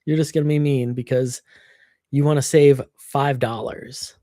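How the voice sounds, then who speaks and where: Warm-voiced woman venting on a livestream. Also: rumbling low, fairly even intonation, a little slow, no room sound, studio quality. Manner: venting, swearing freely. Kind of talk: casual livestream chat. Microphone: computer microphone.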